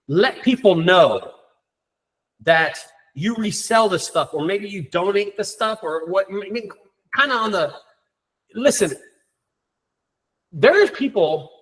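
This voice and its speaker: A man hosting a group meeting, talking in an excited, rambling way with many fillers. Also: sits high. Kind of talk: casual group meeting talk.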